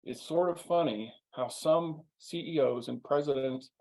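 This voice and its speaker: Man, interview guest, wry humorous storytelling, slightly higher voice. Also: measured pace, warm tone, poor audio. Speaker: sales speaker, guest. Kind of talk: anecdotal storytelling.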